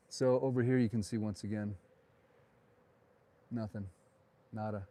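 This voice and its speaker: A man's voice: on the low side, dark tone. A man, a realtor, chatting and joking in opinionated asides while walking outdoors through town streets on a live vlog tour, filmed on a handheld phone.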